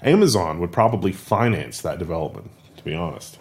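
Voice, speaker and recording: A man with a fairly low voice co-hosts a casual tech news discussion. He talks quickly and mixes in laughs and sarcastic asides. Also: animated.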